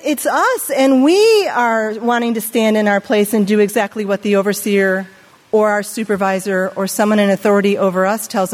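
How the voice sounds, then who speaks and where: A middle-aged woman preaching a sermon in an animated way, asking her listeners questions and acting out the voices she quotes. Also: on the high side, long reverb tail.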